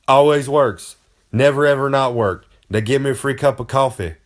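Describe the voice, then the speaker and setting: Speaking at a normal speed in a mid-range voice, a wrestler brags his way through a funny advice monologue. He wanders off in homespun fashion and calls himself by name rather than "I."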